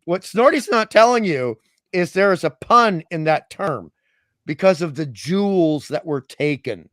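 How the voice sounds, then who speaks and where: A man from Australia co-hosting a casual comedic podcast chat, excitable and jokey, laughing often. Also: on the high side, a little slow, no room sound. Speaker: podcast co-host.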